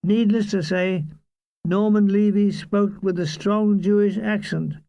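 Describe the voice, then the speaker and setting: Man with a high voice reading a funny memoir, slow and dry, dead studio sound. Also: fairly even intonation, vocal fry, mellow, no room sound. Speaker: audiobook reader. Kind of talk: comic memoir narration.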